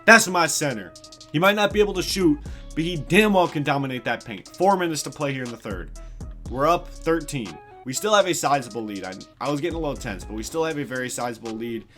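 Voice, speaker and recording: A man's voice: a little high, expressive, fast, faint music behind. Hyped young gamer commenting on his game. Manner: hypes plays, yelling at big shots; swears casually. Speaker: gaming YouTuber. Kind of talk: excited play-by-play commentary over a basketball video game.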